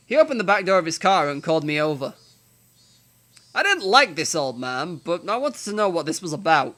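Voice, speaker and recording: A young man with a northern English accent reading a visual novel aloud, animated and self-mocking. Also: on the high side. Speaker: let's player.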